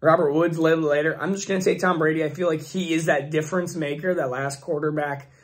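A man hosting a fantasy football channel, his voice hoarse and failing, rambling through mock draft picks in casual commentary. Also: fairly high pitch, steady tone, fast. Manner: rambling, restarts often, thinks aloud.

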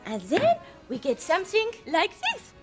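A woman's voice: very high-pitched, huge pitch swings, a little slow, soft background music. Woman playing a vain, cackling waxwork maker. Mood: gleeful, boastful. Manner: boastful, cackling, showy. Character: boastful female waxwork maker, vain and gleeful. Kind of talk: sketch comedy acting.

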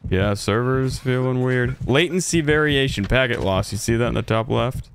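A man's voice: medium pitch, moderate pace, vocal fry, slight background noise. A man streaming a shooter game, chatting casually, reacting aloud and thanking donors as he plays. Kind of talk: casual gameplay commentary.

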